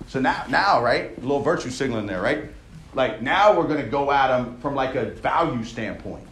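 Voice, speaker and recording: A man's voice: medium pitch, lively intonation, fairly quick. A man preaching a sermon in a church auditorium, talking conversationally and checking in with the crowd with "right?" as he builds his points with repeated phrases. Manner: conversational, tags lines with "right?". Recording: echoey room sound.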